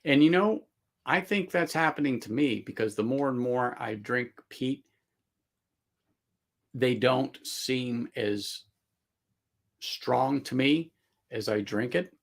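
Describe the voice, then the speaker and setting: A man's voice: medium pitch, takes it slowly, vocal fry, pauses often. A man hosting a casual livestream chat, rambling with many fillers and restarts and laughing often. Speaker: livestream host.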